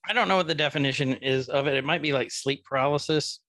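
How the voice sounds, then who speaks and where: A man's voice: a little high, pushed and bright, dry recording. Guy chatting loose on a podcast, swears a bit, dead dry sound. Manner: loose, swears casually, halting. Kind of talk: casual chat.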